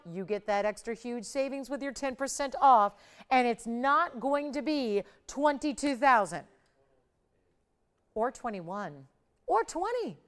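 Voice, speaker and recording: Her voice is fairly high and clean in tone as this middle-aged woman hosts a live televised jewelry sale. She chats with enthusiasm and has fun building up the prices, as shopping channel hosts do.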